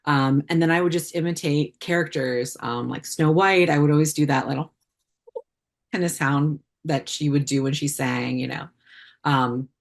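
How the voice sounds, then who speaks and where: Woman, low voice, casual interview talk, lots of ums and restarts, puppeteer guest. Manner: chatty, many fillers and restarts.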